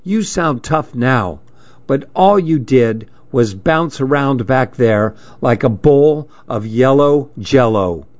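A man's voice: medium pitch, animated, takes it slowly, darkish tone. A man voicing a tough, bossy girl who growls and scolds, on a dull lo-fi recording. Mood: scolding.

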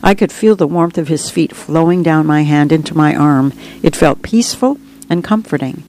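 A woman's voice: low voice, normal speed, a little mellow, a little hiss or hum, low-quality recording. An author reading her memoir aloud in an earnest, reflective narration. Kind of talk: audiobook narration.

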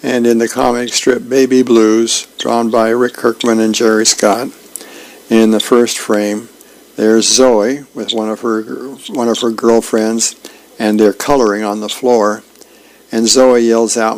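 Man, volunteer radio reader, gravelly voice, relaxed plain reading, fillers. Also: medium pitch, measured pace, rough recording. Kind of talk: reading comics and announcements aloud on radio.

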